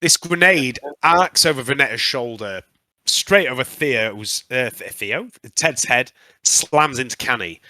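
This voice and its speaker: Male game master, bright voice with a lively, swooping delivery, dry close mic. Casts the scene and calls for rolls. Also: medium pitch, no echo. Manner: lively narration with frequent "um" pauses. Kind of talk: narrating a tabletop game.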